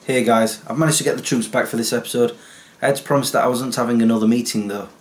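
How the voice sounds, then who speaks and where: A man's voice: mid-range voice, fairly even intonation, fast, faint music behind. Guy vlogging, chatty and self-mocking, medium voice. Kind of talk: casual comedy vlog.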